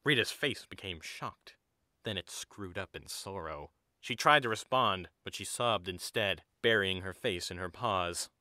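A man narrating an audio drama in an even storybook manner. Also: sits low, unhurried, no echo, clean studio sound. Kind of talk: scripted narration.

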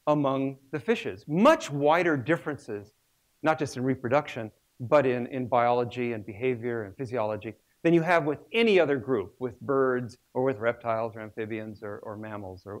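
A man in his sixties, a research biologist, giving a public lecture with humorous storytelling. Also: medium pitch.

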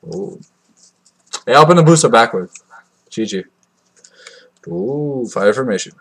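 Speaking unhurriedly in a slightly rough voice, this man unboxes cards on video, alternating loud yelps with low mumbles. His commentary is crude and self-mocking, and his cheap computer mic keeps cutting out.

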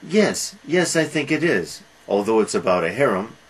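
A man's voice: fairly low pitch, sing-song, normal speed, slightly rough, rough recording. A man voicing a proud, self-absorbed young composer in a retold film scene. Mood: earnest.

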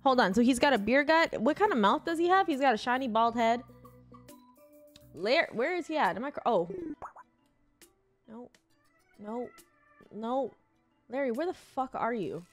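A young woman streaming a game, chatting to herself in loose slang. Her voice sits a bit high and bounces around a lot. Faint music plays under her. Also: animated, moderate pace, pauses often. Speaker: gaming streamer. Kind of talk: casual gameplay commentary.

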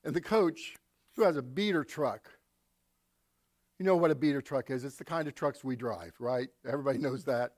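A man's voice: medium pitch, normal speed, no echo, clean studio sound. A male pastor preaching a sermon, telling stories and acting out quotes with asides to the congregation.

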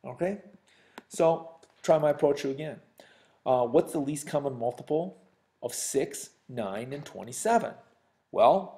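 A man's voice: medium pitch, darkish tone. A man teaching a recorded sixth-grade math lesson, talking straight to his students in a chatty, joking way. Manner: chatty, addresses students directly, jokes.

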